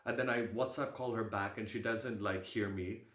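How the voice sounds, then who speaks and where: A young man sharing a personal story on a group video call. He talks in a halting, candid way and swears casually. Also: fairly low pitch, fairly even intonation, a bit bright, reverberant.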